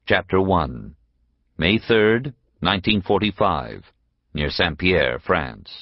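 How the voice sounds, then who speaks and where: Deep, lively male audiobook narrator. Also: slow pace, no echo, lo-fi sound. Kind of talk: scripted narration.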